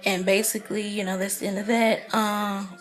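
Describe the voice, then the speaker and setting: A woman casually recapping a TV drama episode in a chatty, animated way, acting out the characters' lines. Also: mid-range voice, moderate pace, faint music behind. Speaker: TV recap vlogger.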